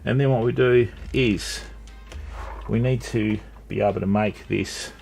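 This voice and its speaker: A man's voice: lowish voice, fairly even intonation, unhurried, vocal fry, darkish tone, soft background music. A man with an Australian accent hosting a casual live stream, chatting and greeting viewers while he works with his hands.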